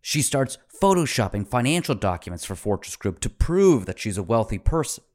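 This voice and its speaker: A man's voice: mid-range voice, very animated, brisk, a little mellow. A man hosting a podcast who tells a story dramatically, acting out quotes and swearing freely. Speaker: podcast host.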